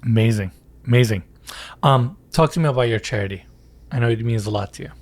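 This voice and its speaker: A man's voice: medium pitch, fast, no room sound. A man hosting a podcast, asking his guest earnest, admiring questions. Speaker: podcast host. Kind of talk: interview questions.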